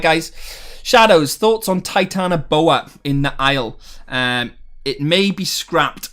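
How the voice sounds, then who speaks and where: A man's voice: on the high side, takes it slowly, a bit bright, soft background music. A man hosting a casual livestream, reading viewers' chat messages aloud and answering in a chatty, friendly way with many fillers and restarts. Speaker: streamer reading live chat.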